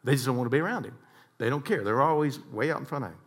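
A man giving an inspirational talk, telling stories in an animated way that swings between hushed and loud. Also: medium pitch, rapid-fire, slightly rough. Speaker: speaker.

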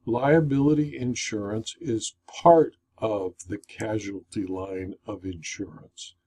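A man, an insurance claims consultant, giving a formal scripted lecture in a measured, deliberate way. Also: lowish voice, steady tone, warm tone.

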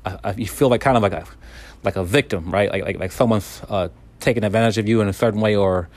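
Calm, earnest man with a lowish voice. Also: fast. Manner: calm and earnest, many repeated words and restarts. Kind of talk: candid self-help monologue.

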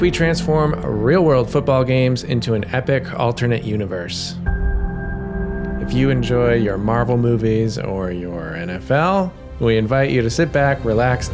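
A man giving a measured, dramatic reading as the narrator of his own audio adventure story, in a noisy home recording. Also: mid-range voice. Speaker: storyteller and writer.

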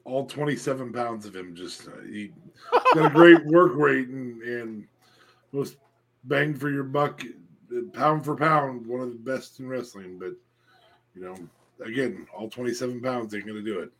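A man's voice: medium pitch, normal speed, slight background noise, rough recording. A man trading blunt, joking, profane banter with friends in casual chat.

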